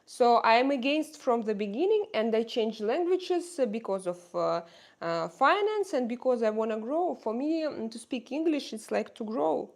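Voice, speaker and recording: A middle-aged woman from Russia with a Russian accent, chatting casually to viewers in a halting way with many fillers and restarts. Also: a little high, lively intonation, darkish tone. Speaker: channel host answering viewer questions. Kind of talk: casual livestream chat.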